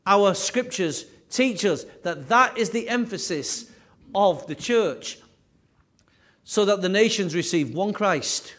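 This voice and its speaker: A man preaching a sermon with emphatic, repetitive phrasing, his voice rising and falling in loudness. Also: high voice, expressive, slow pace. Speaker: pastor.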